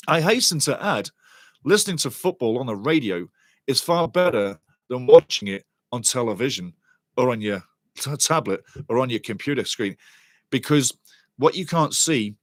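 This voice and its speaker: An older man from Wales hosting a football watchalong stream, chatting casually, joking and reading out viewer comments, now and then breaking into excited shouting. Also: mid-range voice, no room sound, studio quality. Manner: excitable, jokey, bursts into shouting.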